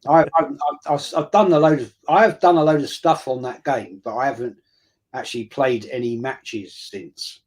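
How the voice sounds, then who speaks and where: A man's voice: medium pitch, normal speed. A man co-hosting a casual football livestream, telling rambling anecdotes with restarts and calling his friend mate. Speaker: livestream co-host.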